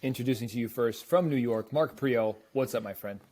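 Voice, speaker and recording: A man's voice: mid-range voice, a little fast, darkish tone. A man hosting a casual talk show, introducing his co-hosts in an upbeat style. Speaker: podcast host. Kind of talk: casual chat.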